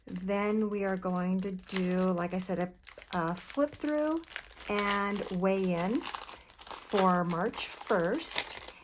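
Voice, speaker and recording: A woman in casual vlog chat, showing off stickers to her viewers. She gushes easily, calls everyone "you guys" and rambles with fillers. Her voice sits at a middle pitch. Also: a little hiss or hum. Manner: chatty, gushing, addresses viewers as "you guys". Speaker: planner vlogger.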